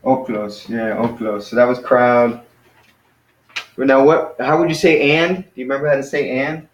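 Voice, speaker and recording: A man's voice: mid-range voice, fairly even intonation, a little hiss or hum. Male tutor, patient and encouraging, in an echoey space on a muffled recording. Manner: encouraging, patient, drills pronunciation slowly. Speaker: Greek teacher. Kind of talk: casual one-on-one lesson. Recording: roomy, dull lo-fi sound.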